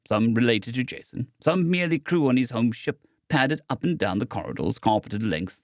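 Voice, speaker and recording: A man reading a science fiction audiobook as narrator, in a steady storytelling manner. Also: mid-range voice, dry recording, clean studio sound.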